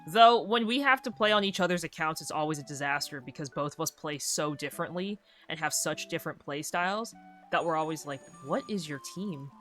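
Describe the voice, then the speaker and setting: A woman streamer chats casually while she plays, her tone bright and a touch low, wandering from story to story and acting out little back-and-forths with a friend. Soft game music hums behind her. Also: fairly quick. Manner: rambling, chatty storytelling, acting out quotes of friends. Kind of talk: casual live-stream chat while gaming.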